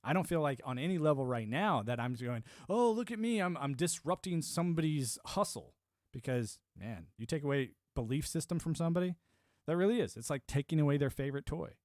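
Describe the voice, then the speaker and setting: A man's voice: on the high side, animated, brisk, a little mellow, no echo. Rambling emphatic American man, dry sound. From United States. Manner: rambling, emphatic, repeats words when restarting. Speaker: streamer. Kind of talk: casual monologue.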